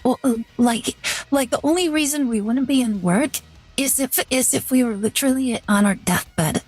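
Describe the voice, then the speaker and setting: A young woman hosting a live stream, chatting to her viewers in a loose, rambling way and leaning on "like" constantly. Her voice sits high. Soft music plays faintly behind her. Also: normal speed, slightly rough. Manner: rambling, chatty, heavy use of "like". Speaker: VTuber streamer. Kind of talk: casual live-stream chat.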